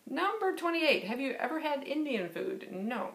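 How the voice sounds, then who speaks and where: A woman's voice: high-pitched, sing-song, moderate pace, gravelly, fairly bright tone. A woman in her fifties casually reading through tag questions and answering them in a rambling, filler-heavy way. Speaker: book vlogger. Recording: echoey room.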